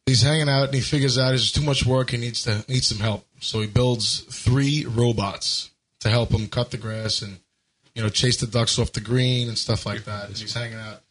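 A man's voice: mid-range voice, fairly even intonation, normal speed, a bit bright, poor audio. A man on a radio talk show telling long jokes in a plain storytelling way. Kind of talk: casual joke telling.

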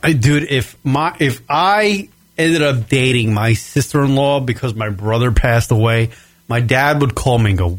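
A young American man rants profanely as a radio show host, stretching out key words for blunt emphasis. His voice sits at an ordinary pitch. The recording is very dry and close. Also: moderate pace, dry recording. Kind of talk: profane ranting commentary.

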